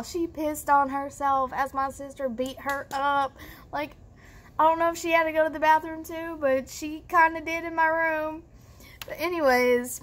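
A young woman vlogger telling a story casually, animated and profane, addressing viewers directly. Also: high voice.

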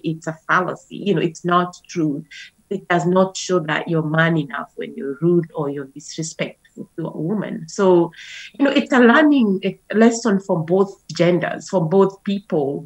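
A woman's voice: fairly low pitch, husky, low-quality recording. A woman guest on a talk show, speaking in a conversational way with a lot of "you know" fillers.

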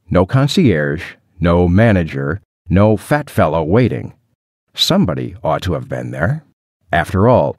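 A man's voice: lowish voice, a little mellow, dry recording. A man narrating an adventure story in the first person, with a dry, wry storytelling manner. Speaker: audiobook narrator.

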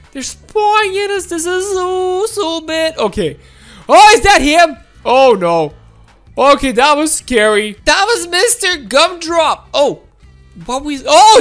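A woman giving excited gameplay commentary, gasping and laughing as she talks to her viewers. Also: sits high. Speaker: gameplay video host.

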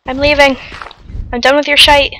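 Sex: woman. Pitch: high. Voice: bright. Style: casual gameplay chat, loud and panicky. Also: level tone, normal speed, a little hiss or hum. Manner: loud, panicky yelps and shouts. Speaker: gamer host.

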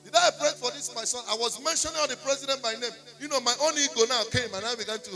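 A man's voice: very high voice, fast talker, vocal fry, faint music behind. A man with a Nigerian accent preaching a sermon in church, telling a testimony and slipping into pidgin. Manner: storytelling, slipping into pidgin, rising to shouts and singing. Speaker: prophet preaching. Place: church service.

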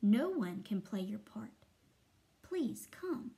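A woman's voice: mid-range voice, very animated, slow pace, creaky, full character voice. A woman voicing Mister Baton, a stern conductor. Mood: gentle. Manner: commanding, then softly coaxing. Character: stern but kindly male conductor baton. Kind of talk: storybook read-aloud.

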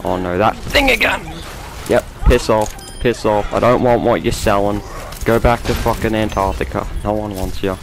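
An Australian man giving live commentary over his own game, swearing and mocking himself with sudden excited outbursts. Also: fairly low pitch, moderate pace, noisy background. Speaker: gameplay commentator. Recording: game music loud behind voice.

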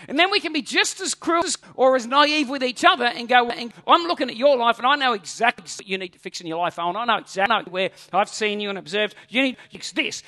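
A male pastor, preaching a sermon with animated, humorous storytelling. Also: very high-pitched, a little fast, hardly any pauses, dry recording.

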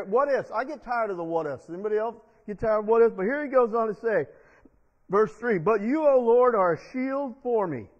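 A male pastor preaching a sermon in church, leading the congregation in call-and-response. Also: sits high. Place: church sanctuary. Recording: dull long-reverb church sound.

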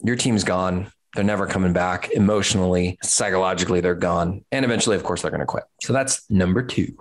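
A man's voice: low voice, fairly quick. A man in his thirties, an agency owner, giving blunt business advice straight to camera, swearing casually and repeating words for emphasis. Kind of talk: direct-to-camera business talk.

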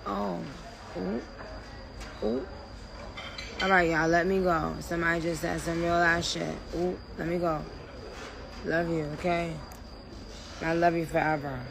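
Streaming live from her phone, a woman chats playfully and loosely, cursing and leaving sentences unfinished. She speaks unhurriedly in a lowish, gravelly voice with little pitch movement and long pauses, over background noise.

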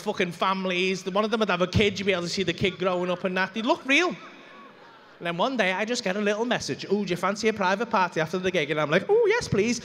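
A male stand-up comedian, telling an animated, sweary story and acting out the voices in it. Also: sits high. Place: comedy club stage. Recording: live club recording with long reverb and faint room noise.

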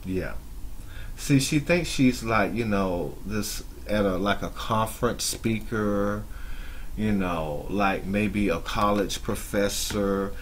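A man giving mocking reaction commentary on another streamer's clip, scolding her with drawn-out asides. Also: fairly low pitch, a little hiss or hum. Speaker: YouTube commentator.

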